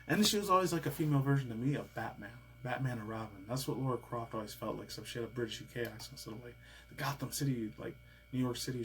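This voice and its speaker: A man's voice: medium pitch, a little hiss or hum, low-quality recording. A man in his thirties hosting a casual reaction video, rambling in a loose, slangy, chatty way. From United States. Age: 30s.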